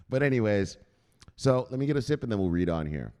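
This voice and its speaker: A man's voice: on the low side, big pitch swings, normal speed, darkish tone, clean tone. A man presenting crypto news, reading an article aloud and breaking off into casual, chatty asides to his viewers. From United States. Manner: chatty, digressive, asks viewers to google things.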